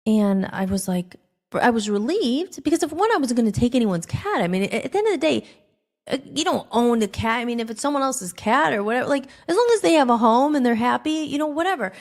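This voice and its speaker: A woman hosting a podcast, telling a personal story in a rambling, animated way, acting out the dialogue. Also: a little high, a little fast. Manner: rambling, animated, acts out quoted dialogue with filler "like". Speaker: podcast host.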